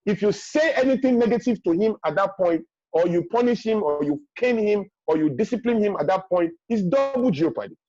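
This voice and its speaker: Middle-aged man, raised pitch, a touch of rasp; emphatic, repetitive advice giver, flat dull call audio. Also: fairly quick, hardly any pauses, dry recording. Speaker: guest speaker. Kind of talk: advice talk in a webinar. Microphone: video call.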